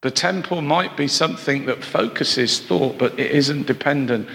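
A man delivers a sermon in a conversational way, breaking off for asides and rhetorical questions to his listeners. His voice has a gravelly edge. The recording carries the long reverb of a large hall. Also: a little high, moderate pace, a bit bright. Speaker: preacher.

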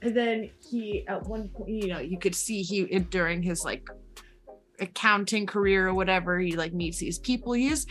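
A woman's voice: medium pitch, normal speed, fairly bright tone. Rambling, foul-mouthed woman retelling a story. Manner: profane, rambling, playful. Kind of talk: casual chat, retelling a story.

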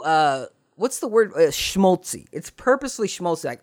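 Brief: man hosting a casual solo podcast, rambling, animated, lively storyteller, dry close sound. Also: high-pitched, normal speed, few pauses, no room sound. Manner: rambling, animated retelling with voices for quotes. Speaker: podcast host.

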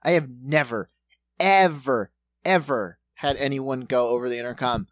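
A man's voice: medium pitch, measured pace, no room sound. A man in his thirties telling comedic travel stories in casual, profane chat, acting out other people's lines. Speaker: podcast co-host.

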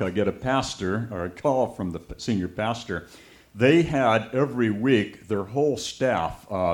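A man preaching a sermon, telling a story with lively anecdotes and acting out the voices of people he quotes. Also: fairly low pitch.

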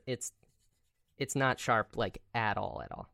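A man's voice: on the low side, sing-song, a little slow, creaky, pushed and bright, dry recording, clean studio sound. A young adult man co-hosting a podcast, chatting casually and rambling with lots of fillers and restarts. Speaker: podcast co-host. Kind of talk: casual chat.

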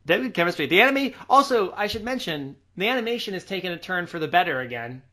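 An enthusiastic man co-hosting a relaxed film chat. His voice sits a bit high and has a bright, forward edge. Now and then he slips into short quoted voices. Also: fast. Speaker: podcast co-host. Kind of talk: casual film discussion.

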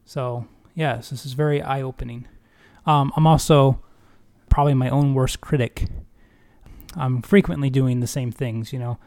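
A man's voice: medium pitch, fairly even intonation, measured pace, darkish tone. A man co-hosting a Bible discussion, talking in a reflective, self-critical way. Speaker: Bible study co-host. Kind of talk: casual discussion.

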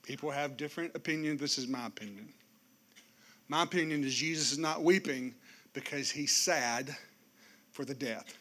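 A man preaching a sermon, swinging from loud declarations to hushed, quiet passages. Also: medium pitch, normal speed, long pauses. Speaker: pastor.

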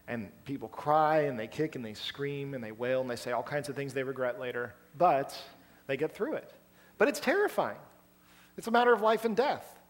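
A man preaching a sermon in a storytelling style, with animated delivery and acted-out quotes. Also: mid-range voice, normal speed. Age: adult, past college. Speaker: pastor.

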